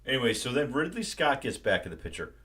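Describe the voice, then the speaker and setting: A man's voice: mid-range voice, very animated, quick pace, fairly bright tone. A man hosting a live stream, ranting casually and profanely about a movie. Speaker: livestream host.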